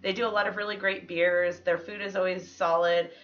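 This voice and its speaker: Bright-toned woman food blogger. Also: lowish voice, little pitch movement, a little fast. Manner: upbeat, chatty recommendations. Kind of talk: casual interview chat. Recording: dull lo-fi podcast audio.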